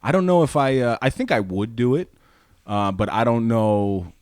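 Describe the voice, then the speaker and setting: A man's voice: medium pitch, moderate pace, a little mellow, no room sound. A man co-hosting a podcast in casual chat, easygoing, laughing often and restarting his phrases, on a studio mic. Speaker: podcast co-host.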